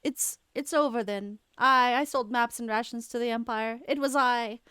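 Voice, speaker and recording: A woman's voice: a little high, steady tone, moderate pace, bright, forceful tone, clean tone, dry recording, studio quality, pitched above the performer's own voice. A woman voicing a treacherous, greedy male soldier who panics and pleads, reading game dialogue aloud on stream. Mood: defensive. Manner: panicky pleading, then gloating.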